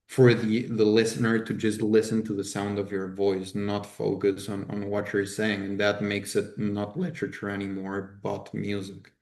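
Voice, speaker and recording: A man's voice: on the low side, darkish tone. A man co-hosting a podcast, thinking aloud in a casual debate, restarting often and arguing firmly. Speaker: podcast co-host. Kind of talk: casual discussion.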